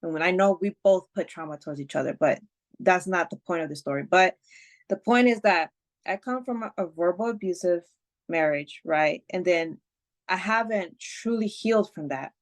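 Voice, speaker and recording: Lowish-voiced woman telling a story. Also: normal speed. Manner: emotional retelling, swears freely, many fillers. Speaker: podcast guest. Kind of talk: casual storytelling chat.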